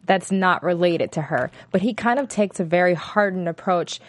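A woman's voice: fairly low pitch, normal speed, no echo. A young woman co-hosting a casual reality-TV recap chat, retelling scenes plainly with filler words. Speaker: podcast co-host.

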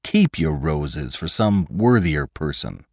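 Give me a narrator putting on a sullen young herdsman, very deep and clipped, growled out close and dry. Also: sing-song, slow, dry recording, heavily acted. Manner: low, curt and growling. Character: sullen young male horse herdsman, brooding.

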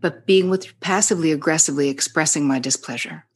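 A middle-aged woman with a New Jersey accent and a low, husky voice chats candidly on a podcast. She tells stories with plenty of swearing and acts out what people said. She speaks as a psychotherapist. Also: quick pace. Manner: candid storyteller, swears freely, acts out quoted dialogue. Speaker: psychotherapist guest. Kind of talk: casual podcast conversation.

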